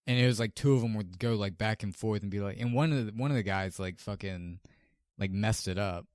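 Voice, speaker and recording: A man's voice: lowish voice, fairly quick, a little mellow, no room sound. Laid-back young man on a podcast, dry sound. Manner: laid-back, swears a lot, laughs. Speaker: podcast co-host. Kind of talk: casual chat.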